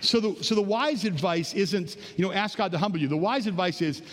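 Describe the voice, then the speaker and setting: Animated high-voiced pastor preaching. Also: male voice, brisk, long reverb tail. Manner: animated storytelling, acting out voices in quotes; conversational, joking with the congregation. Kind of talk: sermon. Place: church sanctuary.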